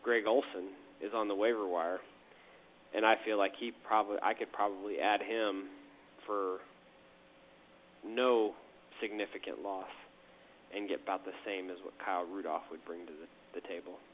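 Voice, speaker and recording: A tired man co-hosting a fantasy football show, talking in a measured way and stumbling over his first words. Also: deep voice, steady tone, a bit bright, slight background noise, low-quality recording. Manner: measured, stammers at starts. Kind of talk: casual chat.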